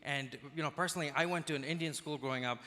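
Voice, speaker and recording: A man from Dubai doing a stand-up comedy set, talking quickly and slipping into put-on accents, recorded live in a large hall. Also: on the high side, sharp tone.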